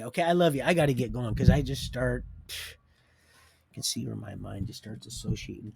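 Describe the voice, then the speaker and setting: A man talking off the cuff on a livestream, rambling and preachy, swinging between hushed asides and loud emotional outbursts. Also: medium pitch, animated, normal speed, creaky, breathy edge, no echo.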